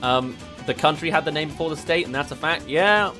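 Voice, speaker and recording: A man's voice: a little high, fairly quick, music in the background. A young English man streaming as a VTuber, chatting casually and laughing as he reads quiz questions aloud. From England.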